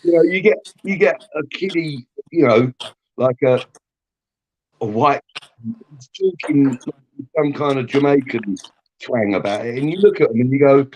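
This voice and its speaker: A man's voice: mid-range voice, unhurried, long pauses, darkish tone, dull audio. A middle-aged man co-hosting a casual live-stream chat, opinionated and emphatic, often repeating himself.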